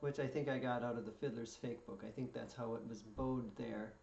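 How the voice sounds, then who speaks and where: Patient fiddle teacher counting in, roomy. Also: male voice, medium pitch, steady tone, gravelly, a little mellow, faint music behind. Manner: patient, counts in slowly before each play-through. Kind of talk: step-by-step music lesson. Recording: echoey room, distant mic, dull sound. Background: fiddle playing.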